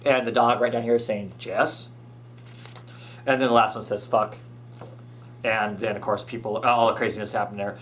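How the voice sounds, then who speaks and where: A man's voice: fairly low pitch, flat delivery, fast talker, few pauses, a bit bright, a little hiss or hum. A man hosting a podcast, chatting casually as he recaps a comic, full of fillers and restarts. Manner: rambling, many fillers and restarts. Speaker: podcast host.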